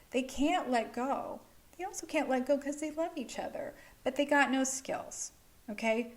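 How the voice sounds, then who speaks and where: A fairly high-voiced woman tells a story to the camera in a relaxed vlog style, animated and blunt. She swears freely and keeps checking in with her listener as she explains. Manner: animated, frank, swears freely, peppers speech with "like" and "okay?".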